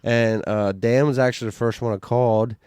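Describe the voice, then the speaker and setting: A man telling a hunting story on a podcast, excited and rambling, restarting sentences and swearing casually. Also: medium pitch, fairly quick, smooth, no echo, clean studio sound. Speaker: podcast guest, bowhunter.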